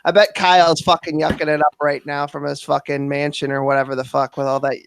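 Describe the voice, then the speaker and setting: A man's voice: on the high side, flat delivery, fairly quick, creaky, clear, resonant tone. Laid-back man joking crudely. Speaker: streamer host. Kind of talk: profane casual chat.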